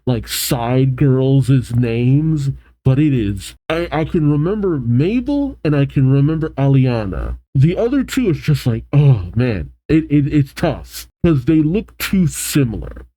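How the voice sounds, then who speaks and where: A man's voice: medium pitch, very animated, measured pace, dark tone, dry recording, rough recording. A man hosting a reaction video, reading a comic aloud with rambling, self-correcting commentary.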